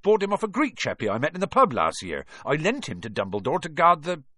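A man voicing a big, gruff, stubborn and loyal male gamekeeper in a storybook reading, blustering as he talks. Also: fairly high pitch, huge pitch swings, quick pace, bright, forceful tone, dry recording, clean studio sound, voice pushed up, full character voice.

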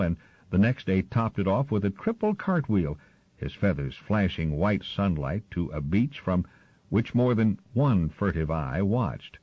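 A man narrating a storybook in an expressive storytelling manner, on a slightly muffled recording. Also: sits low, husky, no echo. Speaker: audiobook narrator. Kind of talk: scripted narration.

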